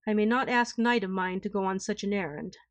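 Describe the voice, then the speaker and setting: A woman's voice: mid-range voice, steady tone, fairly quick, no room sound, lightly acted. A woman reading as a stern old king. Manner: stern, frowning.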